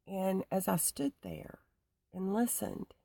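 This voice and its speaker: Gravelly woman telling a story. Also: medium pitch, sing-song, dark tone, dry recording, clean studio sound. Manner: halting, many restarts and fillers, laughs between thoughts. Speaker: YouTuber. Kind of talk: casual personal storytelling.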